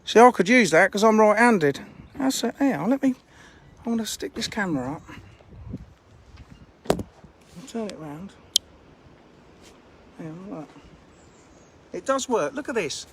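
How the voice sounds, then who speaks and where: A rambling, chatty man live streams on a handheld phone. His voice sits high for a man, and a faint hum of noise runs behind him. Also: lively intonation, unhurried, pauses often. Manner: chatty, rambling, self-mocking. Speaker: fishery owner live streaming. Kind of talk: casual live-stream chat. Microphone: phone camera held in hand.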